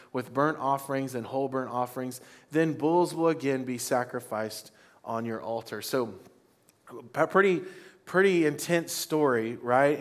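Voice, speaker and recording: A man preaching a sermon to a congregation, leading call-and-response lines. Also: medium pitch. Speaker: pastor. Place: church before a congregation.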